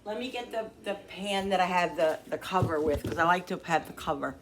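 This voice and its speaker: A woman talking casually to her viewers while cooking in her home kitchen, rambling and thinking out loud as she works. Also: lowish voice, a little fast. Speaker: cooking vlogger. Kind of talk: casual cooking vlog chat.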